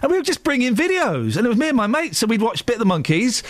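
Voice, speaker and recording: A man hosting a radio show, telling school stories in a jokey, animated way. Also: extremely high pitch, fast talker, no room sound. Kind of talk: casual radio banter.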